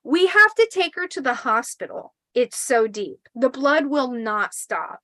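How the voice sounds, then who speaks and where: A woman in her forties telling a spooky personal story in a casual, animated way, swearing and acting out the quotes. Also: high-pitched, measured pace, dry recording, rough recording.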